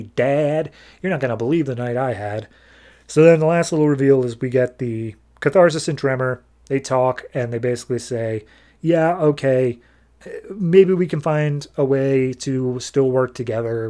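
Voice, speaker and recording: A man hosting a podcast, recapping a comic issue in a loose, offhand way and tossing in quick quoted lines from the characters. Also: mid-range voice, darkish tone. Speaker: podcast host reviewing comics.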